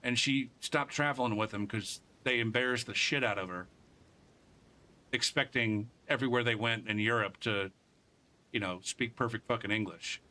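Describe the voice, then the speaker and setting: Bright-voiced rambling, cussing male streamer. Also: mid-range voice, moderate pace. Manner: rambling and profane, with frequent restarts. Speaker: game streamer. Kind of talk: casual live-stream chat.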